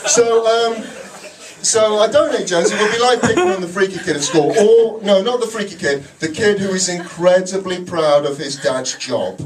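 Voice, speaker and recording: A man doing a stand-up comedy set on a club stage, telling a story with sarcastic asides and shouted punchlines. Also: high-pitched, moderate pace, crowd noise. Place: comedy club stage before a laughing audience. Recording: distant live club recording, noisy.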